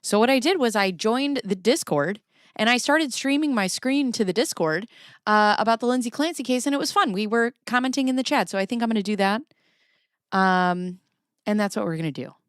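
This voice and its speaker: A woman in her thirties hosting a commentary show, telling a story in a casual, profane, animated way. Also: fairly high pitch, fairly quick, clear, resonant tone, no room sound, clean studio sound. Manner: profane, expressive, animated retelling.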